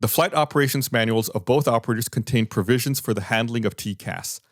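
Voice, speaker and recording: A podcast host with a mid-range voice talks fast in a loose, conversational discussion, explaining events and reading out findings. The sound is clean studio quality with no room sound.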